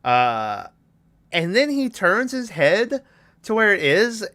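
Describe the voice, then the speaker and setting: A man's voice: sits high, wildly swooping pitch, takes it slowly, pushed and bright. A man on a podcast casually retelling a movie's plot and acting out the characters' lines in a rambling way. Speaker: podcast co-host.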